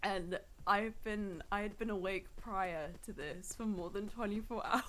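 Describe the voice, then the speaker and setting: Slow-talking jet-lagged woman. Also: medium pitch, a bit bright, a little hiss or hum. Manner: laughs often, easygoing. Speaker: podcast guest. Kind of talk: casual chat.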